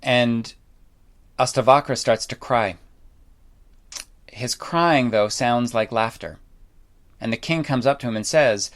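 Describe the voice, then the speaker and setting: A man's voice: medium pitch, takes it slowly, pauses often, fairly bright tone. A man telling a story in a casual, loose way, wandering into asides and dropping in mild swearing. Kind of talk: casual spoken storytelling talk.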